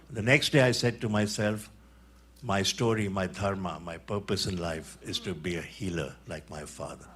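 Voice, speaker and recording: Older man from India, husky, lively conference storyteller who acts out voices. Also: low-pitched, normal speed. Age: 70s. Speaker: conference speaker. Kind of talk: storytelling talk. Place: conference hall.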